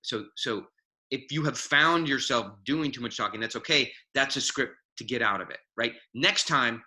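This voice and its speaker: A man talking as a guest mentor on a video call, animated and self-mocking, acting out quoted voices. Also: mid-range voice, moderate pace, low-quality recording. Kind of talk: casual video call chat.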